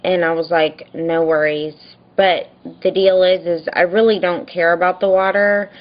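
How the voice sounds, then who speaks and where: Woman, vlogger, venting rant, low-ish voice, muffled lo-fi recording. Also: level tone, normal speed. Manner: rambling storytelling, quoting herself and others; frustrated, venting. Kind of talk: casual daily video diary.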